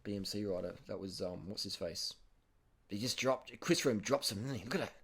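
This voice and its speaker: An Australian man casually commenting over race footage, blunt and excitable, swearing and repeating himself. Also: fairly low pitch, brisk, slightly rough. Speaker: cycling video host.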